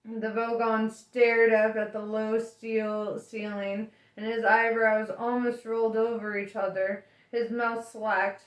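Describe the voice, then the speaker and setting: A woman reading a novel aloud in a chatty, relaxed way. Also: fairly high pitch, slow pace, hardly any pauses. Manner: chatty and relaxed, laughing between lines. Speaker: audiobook reader. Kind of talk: casual audiobook reading. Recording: roomy echo.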